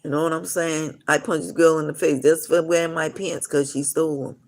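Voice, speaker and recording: A man's voice: a little high, level tone, brisk. A man telling long, rambling stories on a live stream, full of "you know" asides. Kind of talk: casual rambling storytelling.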